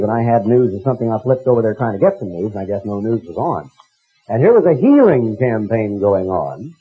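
An older American man preaching a sermon in a folksy storytelling manner, with a husky voice. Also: mid-range voice. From United States. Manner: folksy storytelling, mocking impressions. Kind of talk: sermon with anecdotes. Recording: tinny phone-like recording.

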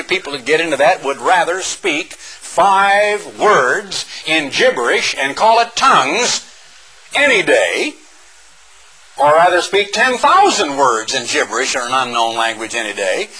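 A middle-aged man preaching a Bible sermon in a bright, ringing voice that swings widely up and down. He reads scripture slowly and deliberately, then shifts into folksy, sarcastic asides. His pitch sits a little high for a man. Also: poor audio. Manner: slows down to stress scripture phrases. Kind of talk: expository sermon reading and explaining scripture.

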